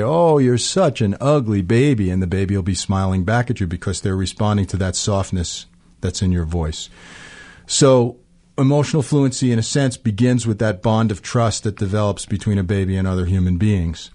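A middle-aged man calmly explaining ideas in an interview, using everyday examples. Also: on the low side. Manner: calm, explanatory, gives examples. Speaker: guest expert on emotional fluency. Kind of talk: interview answers.

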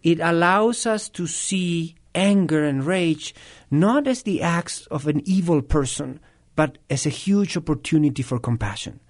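A man who trains people in nonviolent communication answers interview questions and tells a story, speaking thoughtfully with frequent pauses and restarts. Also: fairly high pitch.

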